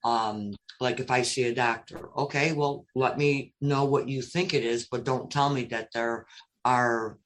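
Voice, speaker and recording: A man's voice: mid-range voice, fairly even intonation, measured pace, a bit bright. Reflective man musing, hesitant and searching. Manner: reflective, hesitant, many fillers and restarts. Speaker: roundtable guest. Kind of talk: casual online group chat.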